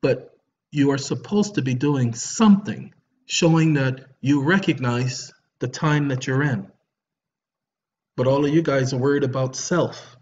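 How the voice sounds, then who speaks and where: A man's voice: mid-range voice, measured pace, darkish tone, lo-fi sound. A man giving a preachy, lecturing monologue to his viewers, repeating himself and apologizing sarcastically. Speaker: online commentator.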